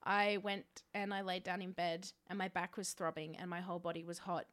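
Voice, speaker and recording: A woman's voice: on the low side, level tone, brisk, fairly bright tone. An Australian woman co-hosting a podcast, sounding worn out and weary, rambling through her week in casual chat with self-deprecating asides. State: tired. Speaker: podcast co-host.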